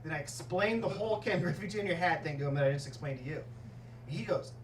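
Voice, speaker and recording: A man doing a stand-up set, telling stories in an animated way and laughing at his own jokes in a comedy club. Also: a little high, fast talker, a little hiss or hum. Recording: roomy club sound, mic at a distance, audience laughter.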